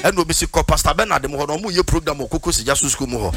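A man's voice: a little high, lively intonation, racing. A man preaching a sermon in Twi and English, half-singing his lines. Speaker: pastor. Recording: music bed behind.

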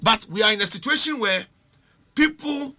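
A man's voice: sits high, expressive, normal speed, sharp tone. A middle-aged Ghanaian man arguing as a panelist on a political talk show, emphatic and full of rhetorical questions. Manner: emphatic, argumentative, rhetorical questions, mixes languages.

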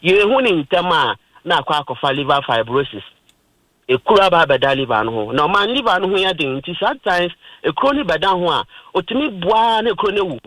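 A man's voice: sits high, animated, a little fast, fairly bright tone, no echo, poor audio. A Ghanaian man hosting a radio health talk, explaining in plain terms and mixing in English words.

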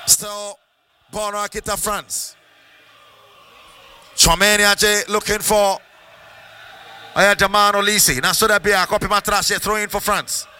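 High, sharp-voiced Ghanaian radio commentator. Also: male voice, a little slow, pauses often, a little hiss or hum. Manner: sing-song, excitable, mixing English with Twi phrases. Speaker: play-by-play commentator. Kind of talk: live radio football commentary.

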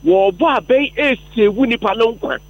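A man's voice: very high voice, a little slow, creaky, highs cut off. A man from Ghana, a taxi driver calling a radio phone-in, arguing his point emphatically.

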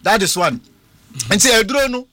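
A man with a Ghanaian accent, discussing in an animated way, laughing and repeating words. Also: high-pitched, moderate pace. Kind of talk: casual discussion mixing English and Twi.

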